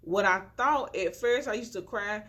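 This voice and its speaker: A young adult inspirational vlogger sits on her floor at home talking into a phone on a tripod under a ring light. Her mid-range voice is fairly bright and moves at a moderate pace, and she's chatty and preachy, encouraging viewers casually and saying "y'all" nonstop.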